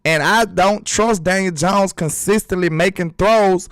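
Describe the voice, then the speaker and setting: A man hosting a casual sports talk vlog, animated and emphatic, full of rhetorical questions. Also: high-pitched, unhurried, no echo. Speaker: sports channel host.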